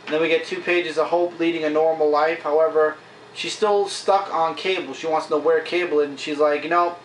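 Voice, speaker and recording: A fairly high-voiced man talks casually through a stack of comics, recapping scenes with lots of fillers. The camera mic sits back from him in a roomy, echoing space with a faint hiss underneath. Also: fairly even intonation, fairly quick. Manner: chatty, retells scenes with frequent fillers. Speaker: comic book reviewer. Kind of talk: casual vlog review. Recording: echoey room, mic at a distance.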